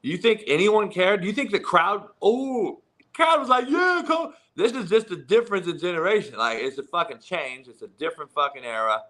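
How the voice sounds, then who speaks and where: Middle-aged male sports-talk host, bright edge, blunt and foul-mouthed, laughs often. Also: high voice, animated, a little fast, few pauses. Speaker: football coach and podcast host. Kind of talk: profane casual sports talk.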